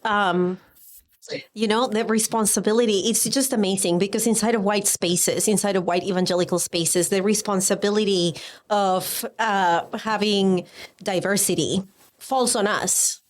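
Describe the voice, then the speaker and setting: A woman's voice: medium pitch, moderate pace. Emphatic woman guest with an accent. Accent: non-native English accent. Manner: emphatic, animated storytelling. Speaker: guest, educator and writer. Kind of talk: casual conversation.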